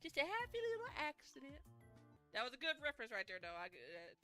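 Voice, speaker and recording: A woman's voice: high voice, wildly swooping pitch, quick pace, pushed and bright, soft background music. A woman streamer giving casual, playful commentary while playing a story game, giggling often and mimicking characters. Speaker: variety streamer.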